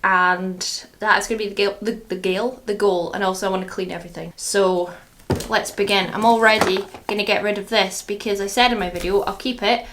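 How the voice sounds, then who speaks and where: A woman's voice: mid-range voice, steady tone, brisk, fairly bright tone, slight background noise. A young woman chatting casually through a vlog in her home beauty room, rambling and a little shaky. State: shaky and groggy after a long sleep. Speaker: beauty vlogger.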